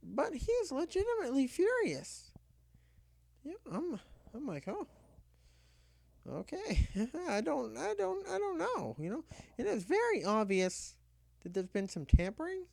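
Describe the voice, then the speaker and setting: A woman telling a comic personal story in casual chat, animated and filling every pause with "you know", acting out her own lines. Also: sits high, gravelly, no room sound.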